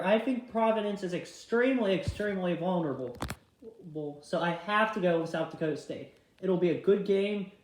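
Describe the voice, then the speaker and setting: High-voiced young man chatting picks. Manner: chatty, quick picks with frequent apologies for misclicks. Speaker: vlogger filling out a tournament bracket. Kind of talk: casual bracket-pick commentary. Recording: echoey room sound.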